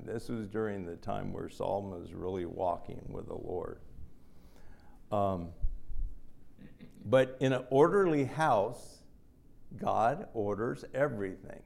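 A male preacher who talks slowly and with a gravelly edge to his voice. He teaches through a Bible passage, asking questions and answering them himself. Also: mid-range voice, darkish tone. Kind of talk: sermon.

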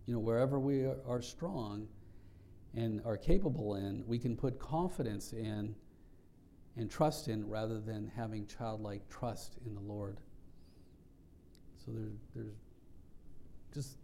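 A man's voice: fairly low pitch, slow, vocal fry, pauses often, mellow, slight background noise. A man pastor preaching a sermon, earnest and reflective, explaining scripture with frequent restarts.

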